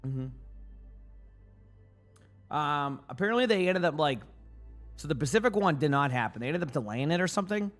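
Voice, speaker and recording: A man's voice: fairly high pitch, lively intonation, moderate pace, long pauses, a bit bright, faint music behind. Groggy streamer man chatting casually. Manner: rambling, repeats words, answers chat. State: morning voice, just woke up. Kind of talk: casual livestream chat.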